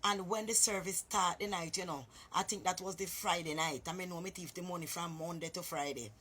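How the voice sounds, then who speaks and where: A Jamaican woman spins a casual story for her viewers, chatty and direct, calling out to her listeners as she goes. Her voice is bright yet husky. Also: lowish voice, fairly even intonation, brisk. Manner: chatty, addresses listeners as boy and master.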